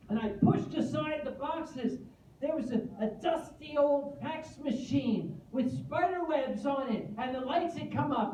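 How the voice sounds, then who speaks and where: A middle-aged man giving a comic storytelling speech to a live convention audience. He acts out the dialogue and adds deadpan asides. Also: very high voice, a little hiss or hum. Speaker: convention guest speaker. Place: convention room, in front of an audience. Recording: roomy distant dull hall audio.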